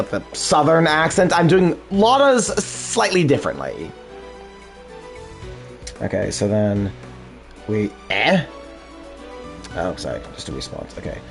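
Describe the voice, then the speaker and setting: A man's voice: on the high side, gravelly. A man streaming a game, chatting casually and rambling off on side topics. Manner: chatty, rambling, easily sidetracked. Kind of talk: casual gameplay commentary.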